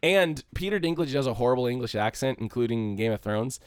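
A man's voice: medium pitch, lively intonation, brisk, smooth, no room sound, studio quality. A man co-hosting a podcast, talking casually about a movie in a rambling, profane way and mocking scenes by quoting them. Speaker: podcast co-host. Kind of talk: casual movie review chat.

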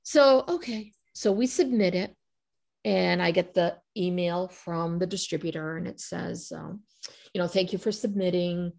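Unhurried and gravelly, with a voice on the low side, a middle-aged woman tells a story as a podcast guest. She speaks in a lively, casual way, acting out quoted conversations and laughing frequently.

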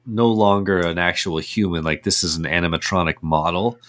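A man's voice: sits low, fairly quick, a bit bright. A man co-hosting a movie podcast, chatting casually and describing scenes step by step, laughing often. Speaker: podcast co-host.

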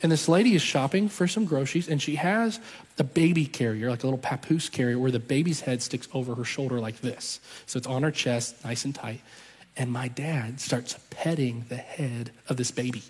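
A man's voice: medium pitch, normal speed, breathy edge. A man telling a story in a sermon, acting out the voices of the people in it. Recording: long reverb from a large hall.

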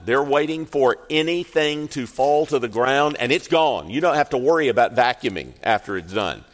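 A male pastor preaching a sermon, telling the story expressively and slowing down for emphasis. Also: medium pitch, a bit bright. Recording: echoey hall reverb.

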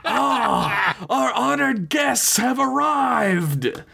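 A masked male cult leader makes his proclamations in a raised, lofty voice, as a man puts him on while reading a story. Each word is stretched out slowly and theatrically. The delivery is grand and ceremonious. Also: a little high, big pitch swings, very noisy, voice pushed up, heavily acted. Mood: grandiose.

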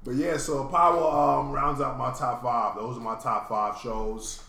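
A man from New co-hosting a podcast, talking in a laid-back, drawn-out way. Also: medium pitch, steady tone, gravelly, sharp tone. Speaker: podcast co-host. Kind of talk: casual chat. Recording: roomy echo with faint room noise.

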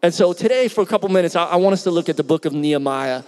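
Preaching a story-driven sermon, a middle-aged pastor from Philadelphia speaks very fast and smoothly in a voice a bit higher than most men's. He keeps it animated and conversational, quizzing the congregation along the way, while a long reverb rings through the sound.

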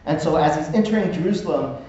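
A fast-talking pastor with a slightly high, mellow voice preaches a conversational sermon, frequently asking "right?". The muffled recording catches him from a distance in an echoey room.

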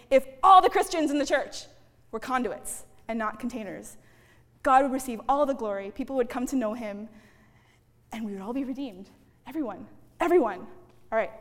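A woman's voice: sits high, in a large hall. A woman giving a sermon in a chatty, conversational way, often checking in with "okay?" and addressing the room as guys. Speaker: preacher. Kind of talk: sermon with personal story.

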